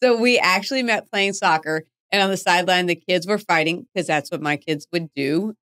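Woman host in her 40s, chatty and self-mocking, somewhat low voice. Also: brisk, fairly bright tone. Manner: chatty, laughs often, self-deprecating. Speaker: podcast host. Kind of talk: casual chat.

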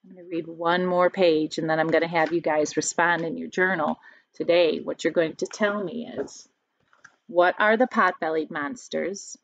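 A woman's voice: on the low side, fairly even intonation, normal speed, fairly bright tone, slight background noise. A woman teacher reads a picture book aloud to children, stopping to explain words and ask them questions. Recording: dry, muffled home recording.

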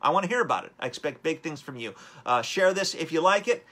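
A man's voice: on the high side, animated, fast, bright, forceful tone. A man hosting a live-streamed motivational talk, upbeat and rambling as he urges viewers on. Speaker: host.

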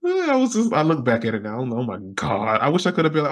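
A young man from Alabama, a podcast guest telling his story casually and acting out his younger self with lively exclamations. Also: a little fast, few pauses. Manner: animated, acts out his past self with high exclamations and laughs.

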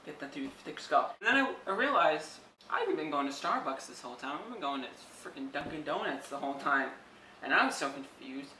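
Guy doing a whiny bossy studio exec, bright voice, echoey room. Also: on the high side, big pitch swings, a little fast. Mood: dramatic. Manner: whiny, dramatic, impatient. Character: bossy, self-absorbed male movie studio boss. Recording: echoey room, distant from mic, faint background noise.

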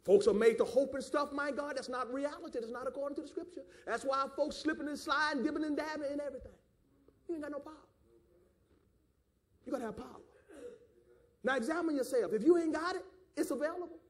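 A man with a Southern American accent preaches in a strikingly high voice. His sermon runs fiery, rising into shouts and drawing call-and-response. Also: fast, pauses often. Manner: Southern preacher cadence with calls of "my God" and "do you understand". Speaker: pastor.

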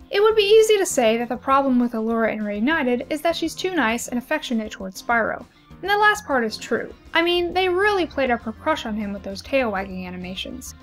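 A young woman giving an expressive, analytical video essay commentary with lively emphasis. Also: sits high.

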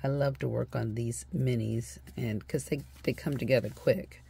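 A woman's voice: very deep voice, fairly even intonation, normal speed, creaky, hardly any pauses, warm tone, husky. A woman hosting a crafting video, chatting casually as she shows her journal and thinks aloud with fillers, sounding tired and yawning.

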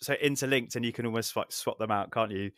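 A man's voice: mid-range voice, quick pace, a bit bright, no echo, studio quality. A man hosting a podcast, chatting about a film in an easygoing, agreeable way. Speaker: podcast host. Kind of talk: casual film discussion.

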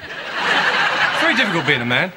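A bluff, tactless joker. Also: male voice, fairly high pitch, huge pitch swings, moderate pace, heavy background noise. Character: jokey, dim-witted man who loves astrology. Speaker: party guest.

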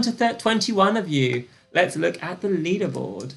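A young British woman hosting a live-streamed trivia quiz, chatty and gossipy, with excited gasps and lots of fillers. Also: on the low side, unhurried, vocal fry. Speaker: quiz host.

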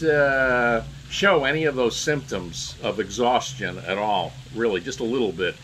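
A man giving a casual political commentary monologue, halting and repeating words as he restarts sentences. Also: mid-range voice, fairly bright tone, slight background noise, rough recording.

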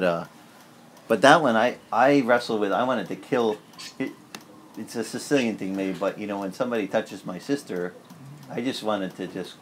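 A male pastor delivering a sermon in a loose, conversational manner, voice sitting at an ordinary middle pitch. He slips into animated acted-out prayers now and then. There's a faint hiss under the recording. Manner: conversational and candid, with sudden lively acted asides in prayer.

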